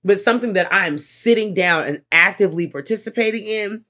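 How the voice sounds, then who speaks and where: A woman co-hosting a podcast, retelling a horror movie scene in a lively, animated way and swearing freely. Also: medium pitch, brisk. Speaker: podcast co-host. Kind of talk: casual movie recap chat.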